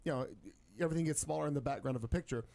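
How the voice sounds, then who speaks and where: A man's voice: a little high, creaky, dark tone. A man on a talk show casually chiming in and commenting on photos being shown. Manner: quick reactive interjections, comments on pictures. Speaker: podcast cast member. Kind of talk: casual chat.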